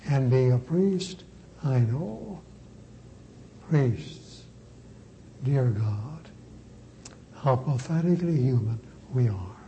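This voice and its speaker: A man, a priest, preaching a sermon with slow, emphatic repetition. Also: medium pitch, lively intonation, mellow, lo-fi sound, slight background noise.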